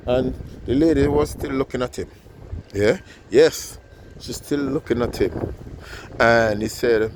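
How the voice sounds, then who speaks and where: A man's voice: mid-range voice, unhurried, a little mellow, a little hiss or hum. A man telling a moral story casually, often checking in with his listener and using loose, nonstandard grammar.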